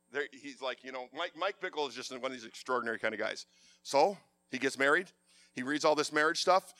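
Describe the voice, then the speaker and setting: A man preaching a sermon, passionate and animated, with a loud voice. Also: medium pitch, dry recording, clean studio sound.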